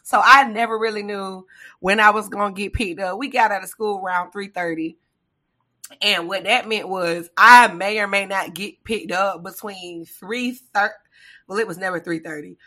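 Woman co-host, bright forceful tone, lively storyteller. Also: medium pitch, moderate pace. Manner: animated storytelling, laughs often, acts out relatives' lines. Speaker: podcast co-host. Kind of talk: casual chat.

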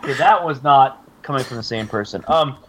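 A man co-hosting a podcast in casual chat, lively and joking. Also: mid-range voice, brisk, noisy background. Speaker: podcast co-host.

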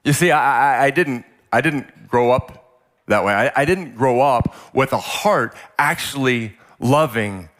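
A middle-aged man from California delivers a sermon as a personal story. His mid-range voice swings from loud shouts to hushed near-whispers, and he often repeats words as emotion takes hold. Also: mid-range voice, animated, a little slow. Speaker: pastor.

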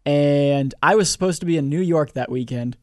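A young man with a fairly high voice rambles through a personal story, poking fun at himself. He is a comedian chatting casually as a guest, restarting sentences as he goes. His voice sounds close and dry. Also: moderate pace, a little mellow, dry recording. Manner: rambling, self-deprecating, restarts often.

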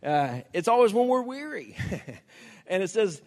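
Folksy older preacher, lively. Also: male voice, sits high, a little fast, in a large hall. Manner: folksy, laughs often, acts out quoted prayers. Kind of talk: conversational sermon.

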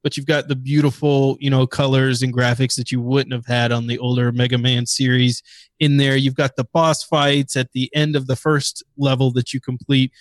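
A man's voice: medium pitch, flat delivery, moderate pace, dry recording. A man co-hosting a podcast, chatting casually and enthusiastically about games he recommends. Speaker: podcast co-host. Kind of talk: casual gaming chat.

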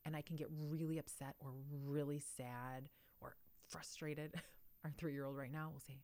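Low-voiced reflective woman. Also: steady tone, measured pace. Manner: thoughtful, reflective, laughs often. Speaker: podcast co-host. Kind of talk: casual conversation.

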